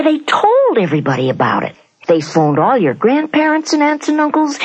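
Animated woman telling a children's story. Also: lowish voice, husky, no echo. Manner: animated, questioning the young listener, dramatic pauses. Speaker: narrator. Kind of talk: children's Bible story narration. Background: guitar music.

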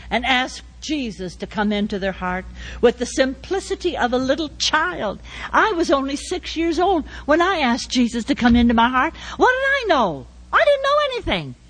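Animated woman telling a testimony. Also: mid-range voice. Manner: animated, acts out voices. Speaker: church testimony speaker. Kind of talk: storytelling testimony.

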